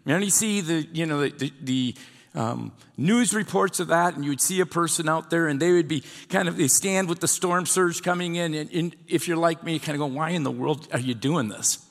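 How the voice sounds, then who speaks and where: Man preaching in an echoing hall. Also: a little high. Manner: conversational storytelling preaching. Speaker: pastor. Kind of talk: sermon. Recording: long hall reverb.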